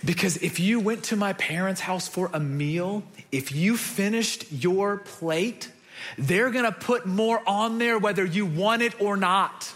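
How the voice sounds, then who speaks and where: A man preaching a sermon, telling stories with animated delivery and acting out the people he quotes. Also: high-pitched, a little slow. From United States. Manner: animated storytelling, acts out quoted voices. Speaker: pastor.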